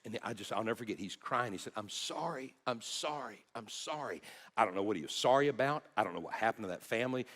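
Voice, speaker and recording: A male pastor tells a story from the pulpit. His pitch swings widely as he moves from plain narration to hushed, earnest moments. He speaks with halting repeats. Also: long reverb tail. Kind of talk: sermon storytelling.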